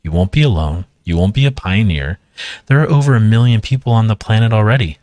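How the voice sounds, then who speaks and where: A man voicing a cheerful father of young children in a hushed reading voice. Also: on the low side, fast, no room sound, voice pushed up, natural voice. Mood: explaining.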